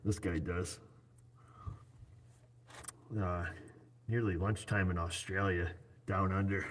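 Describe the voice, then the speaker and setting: Livestream host, man in his 40s, lowish husky voice, chatty and jokey. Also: little pitch movement, slow, long pauses. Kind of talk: casual livestream chat. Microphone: computer set up on his screen.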